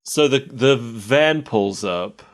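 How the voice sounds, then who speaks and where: A man's voice: mid-range voice, animated, takes it slowly. A man co-hosting a podcast, chatting casually and laughing often between wry asides. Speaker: podcast co-host. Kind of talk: casual chat.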